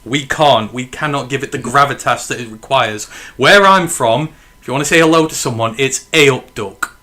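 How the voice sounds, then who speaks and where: A man's voice: mid-range voice, a little fast, sharp tone. A man hosting a casual podcast chat, talking freely with some swearing as he reads listener questions. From England. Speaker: podcast host.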